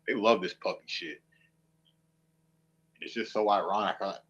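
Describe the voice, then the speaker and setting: A man's voice: lowish voice, measured pace, a bit bright, husky, dull audio. A man streaming, ranting to viewers with a profane, mocking, combative manner. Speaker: online streamer.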